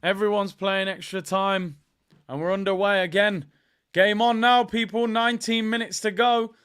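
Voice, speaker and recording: Excitable high-voiced football watchalong host. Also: male voice, moderate pace, clear, resonant tone. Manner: excitable, chatty, reacting to play and chat messages. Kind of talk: live football watchalong commentary.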